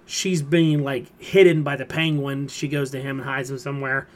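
A man's voice: mid-range voice, level tone, moderate pace. A man hosting a casual pop culture podcast, retelling comic plots in a rambling way full of fillers. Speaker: podcast host. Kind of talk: casual chat.

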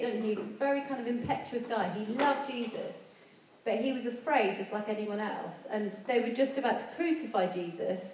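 Woman, sermon, earnest and chatty, fairly high voice, far from the mic in a very echoey hall. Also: darkish tone, a little hiss or hum. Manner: earnest, conversational, acts out quoted voices. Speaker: preacher.

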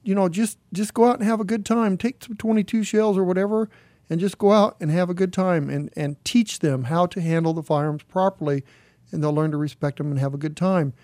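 A man's voice: high voice, fairly quick, darkish tone, no room sound. A man co-hosting a talk radio show, chatting in a folksy, enthusiastic way. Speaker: radio co-host. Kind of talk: casual talk radio chat.

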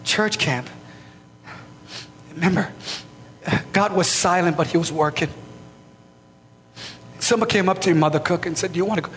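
A man preaching a sermon, telling his own story, building from quiet, halting speech to raised, emphatic preaching. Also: high voice, long reverb tail, slight background noise. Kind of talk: sermon testimony. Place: church.

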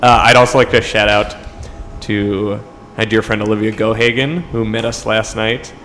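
A man's voice: fairly low pitch, level tone, moderate pace, a bit bright, in a large hall, faint music behind, poor audio. A young man from New York co-hosting a podcast, chatting casually and joking. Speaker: podcast co-host. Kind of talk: casual chat. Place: rented apartment room.

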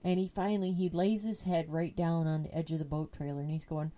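Woman host, mellow voice, swears freely, spins a casual yarn. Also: low-pitched, fairly quick. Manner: profane, animated storyteller. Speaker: podcast host. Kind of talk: casual storytelling chat.

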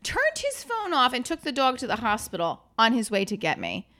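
A woman's voice: fairly high pitch, moderate pace. A woman comedian telling a story on a podcast in a casual way, swearing now and then and acting out the voices of the people in it. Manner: animated, acts out the voices of people in her story. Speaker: comedian guest.

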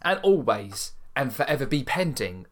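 A man's voice: mid-range voice, big pitch swings, normal speed. A man hosting a wrestling podcast with a casual chat style and a theatrical, upbeat way of opening the show. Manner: upbeat, theatrical intro delivery. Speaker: podcast host.

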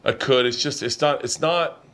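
Middle-aged guy telling a funny story, swearing, doing everyone's lines, average pitch. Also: normal speed. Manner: animated, profane, acts out others' lines. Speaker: podcast host. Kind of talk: comic storytelling in casual chat. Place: home kitchen.

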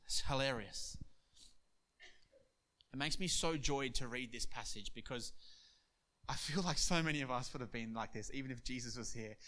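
A male pastor preaching a sermon, telling Bible stories in an animated way and acting out their dialogue. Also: fairly high pitch.

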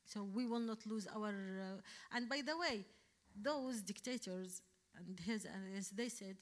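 A woman from Yemen, an Arabic native speaker with a Yemeni accent, answering questions as a guest speaker at a public talk in halting English full of restarts, building to firm emphasis. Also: medium pitch.

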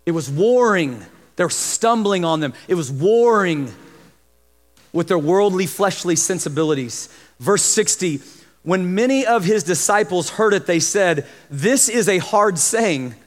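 A man preaching a sermon as pastor, lively, acting out the voices of the people he describes. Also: high-pitched, a little slow, faint music behind. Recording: long hall reverb.

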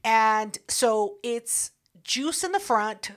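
A woman co-hosting a podcast, telling stories in a brash, profane, animated way. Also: fairly high pitch, very slow, clean tone. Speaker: podcast co-host. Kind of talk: casual storytelling chat.

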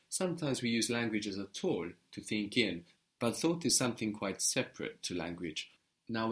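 A man teaching a one-to-one Turkish lesson, explaining patiently and repeating words for his student. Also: fairly low pitch.

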